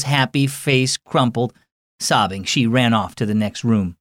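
A man hosting and narrating a children's story program in a friendly, expressive storytelling manner. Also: mid-range voice, measured pace, no room sound, clean studio sound. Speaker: host and narrator.

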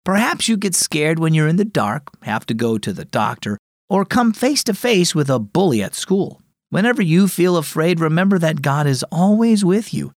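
A man hosting a children's devotional program, narrating a scripted story with an expressive read-aloud manner. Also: a little high, moderate pace, no room sound, clean studio sound.

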